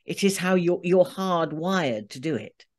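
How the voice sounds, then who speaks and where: A woman's voice: on the low side, lively intonation, a little slow, darkish tone. A middle-aged British woman, an audiobook narrator, chatting casually and animatedly about her work. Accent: British English. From Britain. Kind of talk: casual chat.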